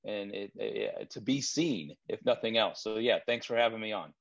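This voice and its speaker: A man speaking as a guest property trainer in a relaxed interview, telling stories with frequent restarts. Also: fairly low pitch, moderate pace, creaky. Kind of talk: casual interview chat. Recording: dull lo-fi remote recording.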